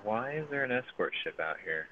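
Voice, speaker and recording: A man's voice: on the low side, lively intonation, brisk, narrow, tinny audio, slight background noise. A man giving casual, profane live commentary on his own gameplay, thinking aloud as he plays. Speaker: gaming streamer.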